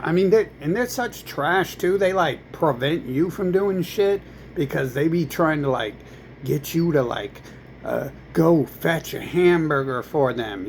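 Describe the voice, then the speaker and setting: A man's voice: mid-range voice, gravelly, slight background noise, low-quality recording. A man in a crude, rambling rant, full of fillers and curses. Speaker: vlogger.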